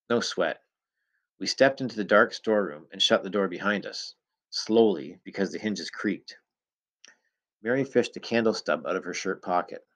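A man reading a first-person novel aloud, steady storytelling with an occasional stumble on a word. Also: on the low side. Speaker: audiobook narrator.

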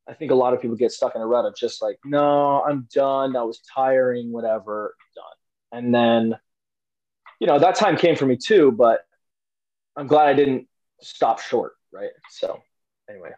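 A man's voice: mid-range voice, a little mellow, highs cut off. A young man, an interview guest, telling a personal story casually with lots of fillers and restarts. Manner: rambling, many fillers and restarts.

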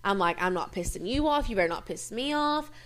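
A woman telling childhood stories in casual chat. She is animated, laughs often, swears freely and acts out what people said. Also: medium pitch, brisk. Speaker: host.

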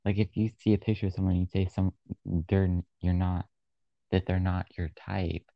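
A man's voice: sits low, level tone, normal speed, creaky, no room sound, lo-fi sound. A man chatting casually with a friend, giving short wry replies. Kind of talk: casual chat.

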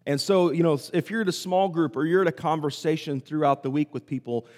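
A man's voice: fairly high pitch, a little mellow. Pastor guy giving a sermon, chatty storytelling, long hall echo. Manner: storytelling, conversational, with pauses. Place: church sanctuary. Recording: hall reverb.

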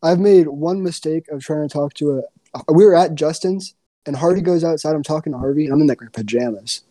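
Young guy telling a story, cussing, mellow voice, dry sound. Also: fairly high pitch, a little fast, no room sound. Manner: profane, energetic storytelling. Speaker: podcast co-host. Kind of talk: casual storytelling.

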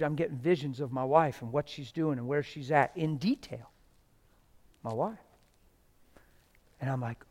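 A middle-aged man with a slightly high voice preaches a testimony sermon, moving from loud, shouted passages to hushed ones that are nearly whispered.

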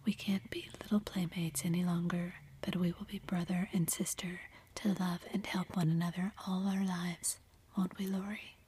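Woman playing a wistful young woman, kind and steady, whispered role-play, very breathy. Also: on the low side, moderate pace. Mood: gentle. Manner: gentle, wistful, reassuring.

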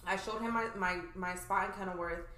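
Chatty young woman with a bright voice. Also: mid-range voice, fairly even intonation, fairly quick, roomy sound. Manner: chatty, frequent fillers like "like" and "you know". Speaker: podcast guest. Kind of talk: casual chat.

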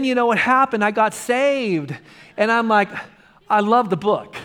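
High-voiced guy pastor preaching, chatty, keeps repeating lines for punch. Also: animated, unhurried, a bit bright, a faint crowd, a little hiss or hum. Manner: emphatic repetition, conversational preaching. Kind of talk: sermon.

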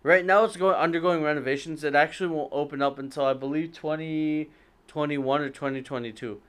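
Young man, clear resonant voice, hesitant, rambling, casual chat. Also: on the high side, steady tone, a little fast, fairly bright tone. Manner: rambling, hesitant, lots of fillers and self-corrections. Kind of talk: casual storytelling among friends.

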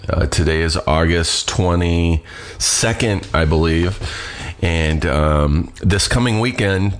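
A middle-aged man hosting a podcast, rambling in a laid-back way with some swearing. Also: low voice. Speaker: podcast host. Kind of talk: casual chat.

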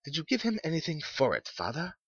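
A man voicing an older wife, her voice pitched up high and quick with questions. A husky edge clings to it, heard through a dull lo-fi recording. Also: huge pitch swings, no echo, full character voice. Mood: curious. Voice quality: raised, lighter voice. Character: older woman, homely and teasing wife. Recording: dull lo-fi sound.

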